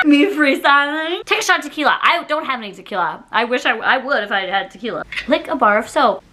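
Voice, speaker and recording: A young woman vlogging her way through viewer dares, her voice high and bright with big lively swings in pitch. She giggles constantly and exclaims loudly. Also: normal speed. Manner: giggly, exclamatory, laughs often. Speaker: YouTuber. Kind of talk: casual dare-challenge vlog.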